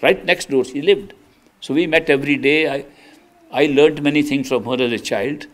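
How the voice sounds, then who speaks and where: A man's voice: a little high, moderate pace. An older man giving an earnest sermon as a spiritual teacher, telling stories with emphatic restarts. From India. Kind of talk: storytelling sermon.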